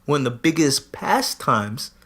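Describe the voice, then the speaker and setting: A man co-hosting a podcast in casual chat, posing drawn-out rhetorical questions. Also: medium pitch, very animated, a bit bright. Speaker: podcast co-host.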